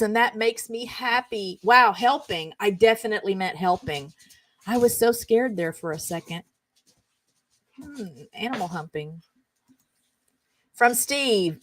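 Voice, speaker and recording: A woman's voice: on the high side, animated, measured pace, a bit bright, no room sound. A middle-aged woman hosting her own show, chattily reading funny texts aloud and breaking into giggles. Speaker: show host. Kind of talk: casual reading aloud and chat.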